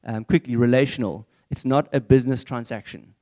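Young male preacher, relaxed warm timbre, earnest and chatty. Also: medium pitch, a little fast. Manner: earnest, conversational, candid. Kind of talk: church sermon.

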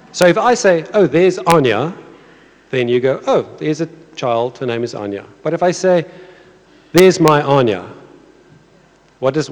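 Casual male pastor in a reverberant church. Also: on the high side. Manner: casual, repeats words, asks the congregation questions. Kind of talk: conversational sermon. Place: church auditorium. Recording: long hall reverb in a church.

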